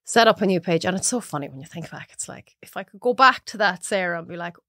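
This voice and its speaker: Chatty Irish woman telling lively stories. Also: lowish voice, fast talker, dry recording, clean studio sound. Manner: chatty, animated storyteller who laughs often. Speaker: podcast guest, cook. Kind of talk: casual chat.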